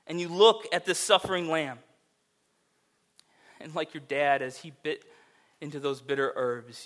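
Bright-voiced man preaching a vivid sermon. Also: on the high side, measured pace, long pauses. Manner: vivid second-person storytelling, rising to loud emphatic peaks. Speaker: pastor.

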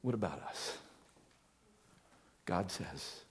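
Male pastor preaching slow, lowish voice, earnest, goes loud then real quiet. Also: slight background noise. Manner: earnest, rising to emphatic then dropping to hushed whispers. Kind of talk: sermon.

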